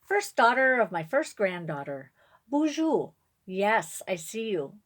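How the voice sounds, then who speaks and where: A woman reading as a wise, gentle great-grandfather. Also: medium pitch, big pitch swings, slow pace. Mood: warm.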